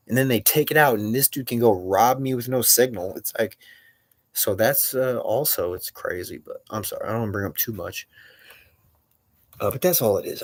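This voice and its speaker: A man's voice: on the low side, no echo. A man talking in an agitated, profane, rambling monologue, often stopping to correct himself.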